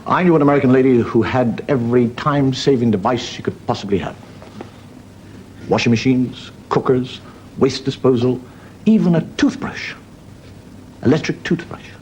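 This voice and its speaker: A man's voice: mid-range voice, normal speed, long pauses, darkish tone, slight background noise. A man, a wry comedian telling jokes and stories. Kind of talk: stand-up storytelling.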